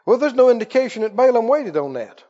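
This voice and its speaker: Man, preacher, sermon, very high voice, dramatic storytelling, rhetorical questions, church reverb, muffled recording. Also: sing-song, quick pace, warm tone.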